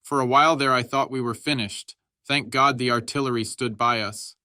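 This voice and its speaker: A man narrating an audiobook in a measured, steady reading style. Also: mid-range voice, no echo, studio quality.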